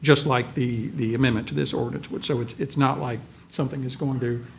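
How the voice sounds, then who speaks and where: A gravelly man speaks as a county official at a public meeting. He talks haltingly, repeating words as he goes. A faint hum sits behind him. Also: mid-range voice, fairly even intonation.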